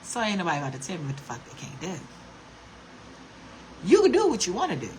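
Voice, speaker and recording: A woman's voice: fairly low pitch, wildly swooping pitch, fast talker, a little hiss or hum. A woman vlogger ranting to her camera in a blunt, profane, scolding way. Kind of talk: casual rant to camera.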